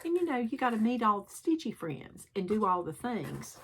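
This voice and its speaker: A woman with a sore throat, rambling and poking fun at herself as she shows off her stitching in a chatty show-and-tell vlog, clearing her throat often. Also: medium pitch, sing-song, normal speed. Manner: rambling, self-deprecating, frequent throat clearing. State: sore throat, sucking a cough drop. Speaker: cross-stitch vlogger.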